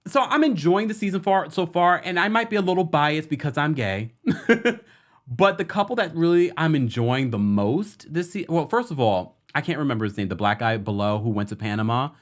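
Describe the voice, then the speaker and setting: A man hosting a casual online talk show. He is talkative and laughs easily, and his pitch rises and falls freely as he shares opinions. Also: normal speed. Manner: chatty, lively, laughs often. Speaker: host. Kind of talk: casual chat.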